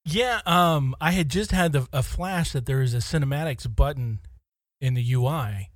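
A man co-hosting a podcast in a relaxed, rambling chat, often restarting his sentences. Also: mid-range voice, moderate pace, dry recording, studio quality. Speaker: podcast co-host. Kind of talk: casual chat.

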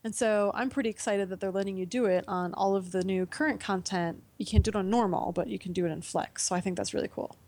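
A woman's voice: medium pitch, quick pace, hardly any pauses, a little mellow. A young woman in casual chat as a podcast guest, laughing often and acting out her own reactions. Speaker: podcast guest from a gaming website.

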